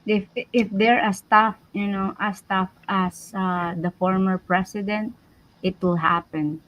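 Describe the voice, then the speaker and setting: A woman's voice: medium pitch, fairly even intonation, a little slow, fairly bright tone, dry recording, poor audio. A woman co-hosting a casual live stream chat, giving short, dry and blunt remarks.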